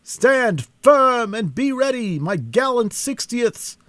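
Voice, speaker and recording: A man voicing an aged, grieving Scottish army commander who shouts his orders with anguish, in a Scottish accent, in a storybook reading. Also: high-pitched, takes it slowly, no room sound, voice pushed up. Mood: commanding.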